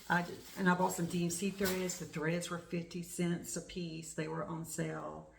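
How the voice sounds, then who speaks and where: A middle-aged woman from the United States, hosting a crafting vlog and chatting excitedly about her shopping. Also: sits low, vocal fry, a little hiss or hum. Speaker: flosstube host. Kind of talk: casual crafting vlog chat. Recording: echoey room.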